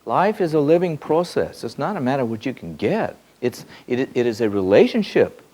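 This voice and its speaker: A man giving a spiritual teaching in a loose, repeating way, swinging between soft musing and sudden excited bursts. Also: mid-range voice, fairly quick. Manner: repeats words and restarts often. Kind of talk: spoken teaching to a group.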